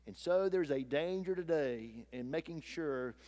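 A man delivers a Sunday sermon from the pulpit. His voice sits a touch higher than most men's, and his preaching is folksy and animated. He slips in little acted-out quotes as he goes. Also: a little slow. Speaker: pastor.

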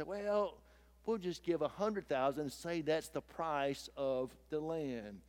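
Folksy man preaching a sermon. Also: fairly high pitch. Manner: folksy, animated preaching with acted-out quotes. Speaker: pastor.

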